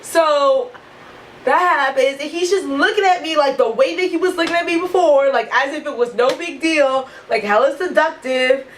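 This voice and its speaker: A woman vlogger telling a storytime in an animated, profane way, saying "like" constantly. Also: high-pitched, moderate pace, a little hiss or hum, rough recording. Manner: animated, profane, heavy use of "like". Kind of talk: storytime vlog.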